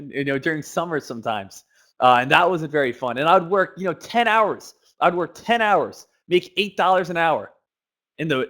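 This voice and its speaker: A man's voice: on the high side, fairly bright tone. A young man giving a casual day-trading lesson, talking freely with lots of "you know" fillers.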